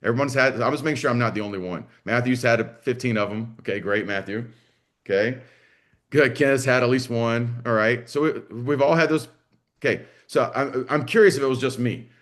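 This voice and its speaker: Blunt, energetic male business coach. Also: mid-range voice, brisk. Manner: blunt, salty, energetic, acts out dialogue. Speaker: business coach for martial arts school owners. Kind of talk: live online coaching session.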